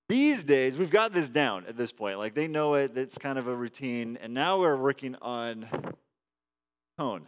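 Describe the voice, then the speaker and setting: A male pastor in his thirties preaching a sermon in a conversational, animated way, moving between quiet prayer and lively storytelling. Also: mid-range voice, moderate pace.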